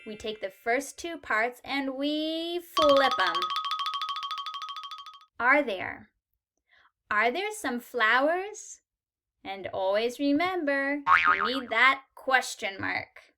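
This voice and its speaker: A woman's voice: high voice, animated, slow pace, bright, forceful tone, soft background music. A woman teaching a beginner English lesson, modelling short sentences patiently and stressing key words. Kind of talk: slow, clear language lesson.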